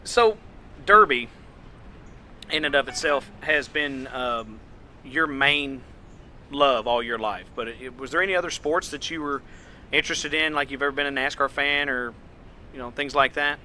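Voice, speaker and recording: Very bright-voiced laid-back host. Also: male voice, mid-range voice, normal speed, a little hiss or hum. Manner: laid-back, chuckling interviewer. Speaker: podcast host. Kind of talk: casual interview chat.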